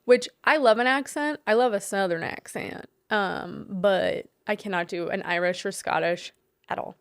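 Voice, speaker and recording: A woman's voice: medium pitch, normal speed, clear, resonant tone, no echo, studio quality. A young adult woman co-hosting a podcast, chatting in an earnest, talkative way with lots of "like" and "um". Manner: chatty, earnest, says "like" and "um" often. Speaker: podcast co-host. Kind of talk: casual chat.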